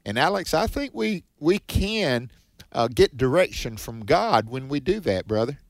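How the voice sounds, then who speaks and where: A man's voice: medium pitch, very animated, measured pace, no echo. A man co-hosting a Bible teaching show, giving earnest, preacherly exhortations in a conversational way.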